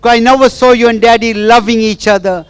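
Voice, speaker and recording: A man's voice: extremely high pitch, steady tone, brisk, smooth, no room sound, pitched above the performer's own voice. A man acting out a young wife who cries and pleads with her absent mother. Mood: tearful. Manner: tearful, pleading, repeating "Ma".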